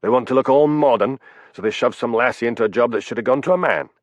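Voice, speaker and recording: A man voicing a bullying, heavyset male police chief inspector with a Glasgow accent, gruff and truculent, in an audiobook. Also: mid-range voice, fast talker, no echo, close to an everyday voice. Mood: scornful. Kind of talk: audiobook character voice.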